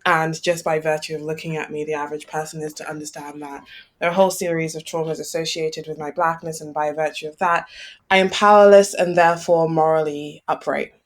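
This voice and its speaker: A woman co-hosting a political podcast discussion, speaking in a measured, analytical way and often checking in with "right?". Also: deep voice, little pitch movement. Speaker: podcast co-host.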